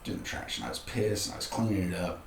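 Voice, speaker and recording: Middle-aged man, very low voice, roomy sound, candid storyteller for an interview spot. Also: very fast, gravelly. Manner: candid, conversational, frequent restarts. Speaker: podcast guest. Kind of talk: casual personal storytelling. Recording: roomy room with faint background noise.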